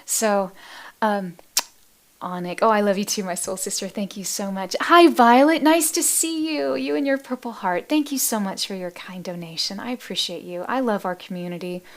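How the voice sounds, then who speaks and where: A woman hosting a live meditation stream, chatting casually with viewers in a soft, gentle voice that often drops to a near-whisper, affectionate and quick to laugh. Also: medium pitch. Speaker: meditation livestream host. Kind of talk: casual livestream chat reading viewer comments.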